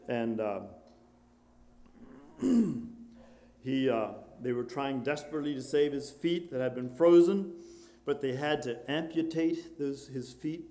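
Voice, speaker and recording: A man preaching a sermon, switching between loud exclamations and quiet, hushed storytelling, with many questions put to his listeners. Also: medium pitch, slight background noise. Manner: rhetorical questions to the congregation.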